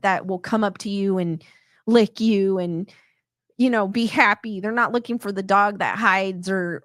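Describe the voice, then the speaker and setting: A woman's voice: medium pitch, a bit bright, no room sound, clean studio sound. A middle-aged woman hosting a casual live stream, chatty and rambling, often restarting her sentences and reading out viewer comments. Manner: reads viewer comments aloud. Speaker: host reading chat comments.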